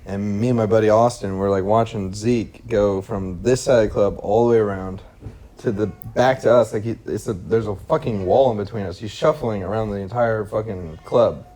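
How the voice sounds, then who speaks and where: A man co-hosting a casual podcast, telling a long story with lively acted-out quotes and plenty of swearing. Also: on the low side, normal speed. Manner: animated storyteller who swears freely and acts out quotes. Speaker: podcast co-host.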